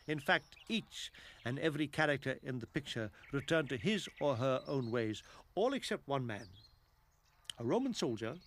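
A man reading scripted narration for a film in a measured storytelling manner. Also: mid-range voice, big pitch swings, fairly bright tone, a little hiss or hum.

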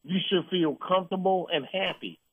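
A man's voice: sits high, moderate pace, breathy edge. A man hosting an uncensored call-in talk show, ranting bluntly and heatedly. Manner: blunt, heated ranting with mocking put-on quotes. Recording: phone-line sound.

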